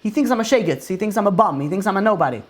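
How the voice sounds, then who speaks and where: A man's voice: sits high, animated, very fast, voice pushed up. A man voicing a bitter, dismissive young man who says he never got a hug from his family.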